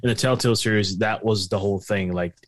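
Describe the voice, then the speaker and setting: A man's voice: on the low side, fairly even intonation, fast talker, no echo. A man co-hosting a podcast in casual chat, chatty and prone to digressions. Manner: chatty and digressive, often laughing along. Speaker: podcast co-host.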